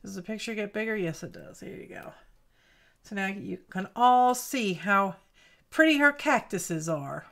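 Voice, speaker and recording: A woman hosts a crafting livestream and talks at an unhurried, slow pace. She greets viewers warmly by name and thinks out loud while she works, muttering as she decides where things go. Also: medium pitch, animated, creaky.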